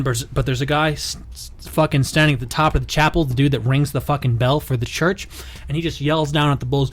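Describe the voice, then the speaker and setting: Slightly high-voiced casual man host. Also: brisk. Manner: laid-back, swearing, leads the bits. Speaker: podcast host. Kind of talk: casual comedy podcast banter.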